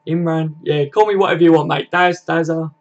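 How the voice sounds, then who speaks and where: A man's voice: fairly high pitch, fairly even intonation, a little fast, highs cut off. A young man hosting a casual live stream from his home computer setup, chatty and matey and swearing freely. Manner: chatty and matey, swears often, reads chat aloud. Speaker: livestream host.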